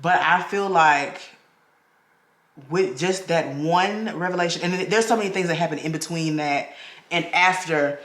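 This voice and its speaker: An animated woman in her thirties tells her story straight to the camera and keeps addressing her viewers. Her voice is bright and forceful. The room around her is echoey. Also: fairly low pitch, measured pace. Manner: animated, talks straight to viewers with "y'all", acts out quoted voices. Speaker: vlogger. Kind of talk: personal storytelling vlog.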